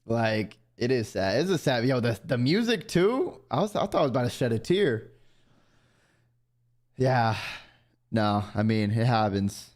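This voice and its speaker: A man's voice: mid-range voice, big pitch swings, a little slow, long pauses, a little mellow. A young man chatting casually on his stream in a laid-back way, trailing off into fillers.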